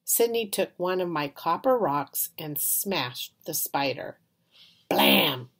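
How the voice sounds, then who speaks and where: A woman reading a children's chapter book aloud in an expressive storytelling manner. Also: fairly low pitch, takes it slowly. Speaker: reader.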